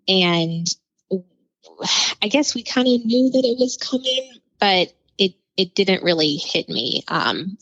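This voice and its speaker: A woman's voice: fairly low pitch, a bit bright, dry recording. A young woman, a teacher, talking candidly in a casual interview, rambling a little and poking fun at herself. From New Orleans, USA. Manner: candid, rambling, self-deprecating. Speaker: fourth grade teacher, guest. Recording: dull lo-fi audio.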